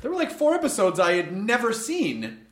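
A man's voice: high voice, normal speed, roomy sound, slight background noise. A man chatting playfully with friends. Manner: animated, playful. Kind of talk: casual chat.

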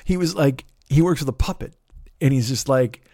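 A man's voice: medium pitch, normal speed, dry recording, clean studio sound. A man hosting a podcast, delivering a profane, mocking comedic rant full of swearing and exaggerated impressions of other people. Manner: animated, mocking, lots of swearing and put-on voices. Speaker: podcast host.

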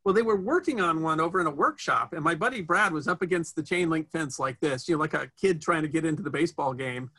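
A man's voice: on the high side, quick pace, hardly any pauses, bright, forceful tone, slightly rough. A man chatting in an interview about his history channel travels, rambling with many fillers and restarts. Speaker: history video host, guest. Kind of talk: casual interview chat.

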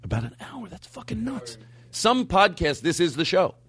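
Profane, animated male podcast host. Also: high voice, normal speed, breathy edge. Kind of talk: casual comedic chat.

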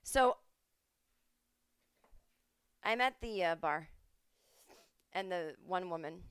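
Chatty woman podcaster, smooth dry voice. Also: lowish voice, lively intonation, extremely slow, no echo. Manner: chatty, swearing, acts out quoted voices. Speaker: podcast host. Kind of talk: casual storytelling monologue. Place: at home.

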